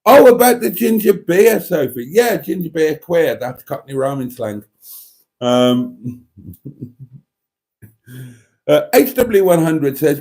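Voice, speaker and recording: A man's voice: mid-range voice, animated, takes it slowly, darkish tone. A man hosting a livestream, reading out viewer comments in a casual, wry, teasing way with mock-serious rambling asides. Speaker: livestream host.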